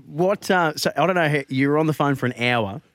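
A man's voice: on the high side, a little fast, a bit bright. A man hosting a sports radio show, jokey and teasing, laughing often. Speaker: radio host. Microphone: studio mic.

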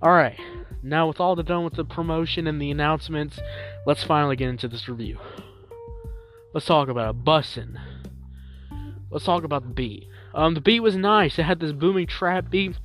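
A man's voice: fairly high pitch, normal speed, soft background music. Rambling casual podcast guy. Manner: rambling, repeats himself, lots of fillers; animated, jumps up loud when promoting. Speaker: music review podcast host. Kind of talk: casual solo podcast review.

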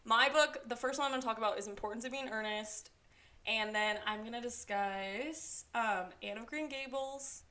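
A young woman co-hosting a casual book podcast, animated and giggly, peppering her speech with "like.". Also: on the high side, normal speed. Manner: animated, giggly, heavy "like" filler. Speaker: podcast co-host.

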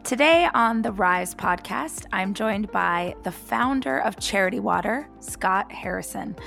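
Hoarse-sounding woman podcast host. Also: mid-range voice, fairly bright tone. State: losing her voice. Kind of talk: podcast interview.

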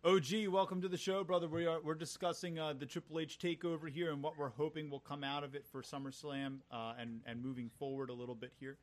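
A man's voice: a little high, little pitch movement, fast talker, hardly any pauses. A man hosting a casual online panel show, giving short affirmations and calling on each guest in turn. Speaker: show host.

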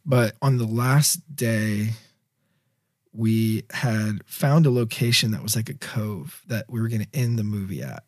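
Male director guest, lowish voice, dry close sound, loose rambling storyteller. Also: unhurried, no echo. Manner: rambling, filler-heavy, animated storyteller. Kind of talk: casual interview storytelling.

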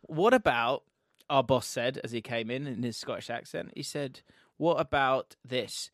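A man's voice: mid-range voice, moderate pace, no room sound. A man hosting a podcast in a studio, bantering and laughing in casual chat. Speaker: podcast host.

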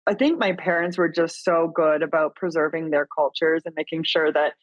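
A woman's voice: low-pitched, steady tone, normal speed, no room sound, highs cut off. A woman from Canada, a podcast guest whose first language is Spanish, chatting casually and animatedly and laughing often. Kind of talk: casual interview chat.

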